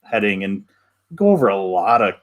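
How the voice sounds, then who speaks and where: A man co-hosting a live show, reading viewer questions aloud and chatting with hesitant pauses. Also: on the low side, sing-song. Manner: hesitant, lots of fillers. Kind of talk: casual live-stream chat.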